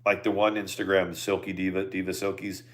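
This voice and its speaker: A middle-aged man with a very low voice, chatting on a couple's live stream. He talks in an easygoing, halting way and keeps restarting his sentences. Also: level tone. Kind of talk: casual chat.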